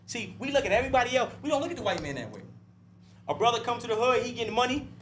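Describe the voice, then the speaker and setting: A man's voice: very high voice, big pitch swings, rapid-fire, background noise. A man talking as an interview guest in a heated podcast discussion, blunt, profane and preachy, often asking "right?" and "you see?" and restarting words when fired up.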